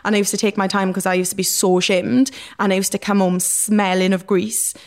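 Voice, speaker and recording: Speaking a little fast in a level, mid-range voice, a young guest with a Welsh accent candidly recounts episodes from her past, wandering through them casually and filling her speech with fillers.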